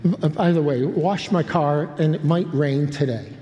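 Older male pastor, warm mellow tone, a bit high, rambling storyteller. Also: measured pace, muffled recording. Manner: rambling, self-interrupting with humorous asides. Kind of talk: sermon storytelling. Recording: long hall reverb.

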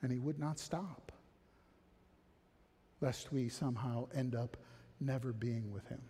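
Slow, preaching man in a reverberant hall. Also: a little hiss or hum. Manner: swings from hushed and low to loud, high exhortation. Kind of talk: sermon.

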